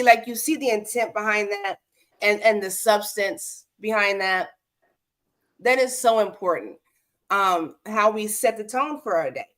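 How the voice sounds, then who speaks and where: A woman's voice: mid-range voice, a bit bright. Woman host, casual livestream chat, speaks straight to her viewers. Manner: addresses viewers directly, keeps asking "okay?".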